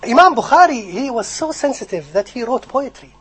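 A man preaching a sermon, animated, swinging from loud emphasis to soft asides and acting out quoted speech. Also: extremely high pitch, a little fast, husky, rough recording. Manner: acts out quoted speech and recites in Arabic. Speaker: Islamic preacher. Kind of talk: sermon on hadith scholars.

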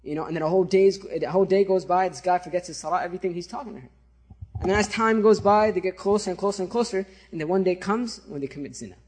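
A man preaches by telling a story and keeps checking in with his listeners. His voice is high-pitched with a husky edge. His delivery stays animated and conversational. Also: quick pace. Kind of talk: sermon storytelling.

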